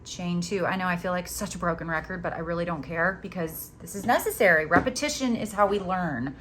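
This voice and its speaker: A woman's voice: fairly quick, background noise. A woman hosting a casual crochet tutorial, chatty and playful, teasing herself and cheering on her viewers as she works. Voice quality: chatty, playful, self-mocking. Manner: animated, jumps in pitch when excited.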